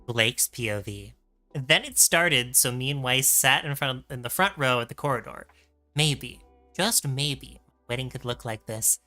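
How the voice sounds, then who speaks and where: A man's voice: medium pitch, animated, measured pace, pushed and bright, faint music behind. A male streamer reading a fan story aloud with a guest, joking as he goes. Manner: reads narration, breaks off laughing and joking.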